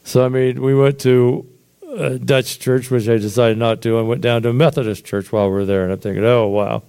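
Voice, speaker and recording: Gravelly man telling a rambling testimony. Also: medium pitch, brisk. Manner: rambling, animated retelling with sound effects. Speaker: storyteller giving testimony. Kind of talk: casual spoken testimony.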